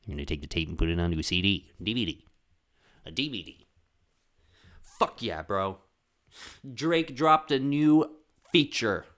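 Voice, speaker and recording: A man hosting his podcast, telling comedic stories casually, animated, often swearing. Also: low voice, normal speed, pauses often. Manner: animated, swearing, acts out voices in quotes. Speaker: podcast host.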